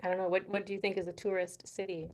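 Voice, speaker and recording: A woman's voice: medium pitch, little pitch movement, fast. An American woman hosting a casual live chat, reading viewer comments aloud and laughing often between words. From United States. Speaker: host of a language channel.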